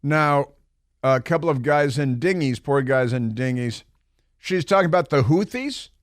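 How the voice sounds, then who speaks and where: A man's voice: a little high, expressive, a little slow, no echo. A middle-aged man hosting a talk radio show in a studio, mocking and rambling with many fillers and asides. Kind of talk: opinionated talk radio monologue. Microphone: studio microphone.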